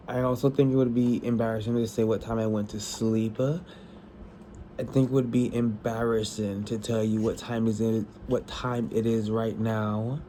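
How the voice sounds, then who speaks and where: A tired man chatting casually about a book he is reading, rambling and excitable, with frequent restarts and swearing. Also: medium pitch, slight background noise, rough recording. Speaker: book vlogger.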